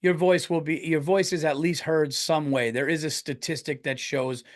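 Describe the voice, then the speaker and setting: A man's voice: fairly high pitch, fairly even intonation, normal speed. A middle-aged American man hosting his podcast, telling a rambling story in casual talk, swearing often and restarting his sentences. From United States. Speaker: podcast host and comedian.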